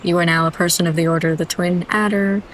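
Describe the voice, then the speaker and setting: A stately military officer delivers a formal oath of allegiance with grave solemnity, as a woman reads the game text aloud. The voice sits fairly low and is spoken steadily. A faint hum of background noise runs underneath. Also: steady tone, fast talker, natural voice, poor audio. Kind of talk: reading game dialogue aloud.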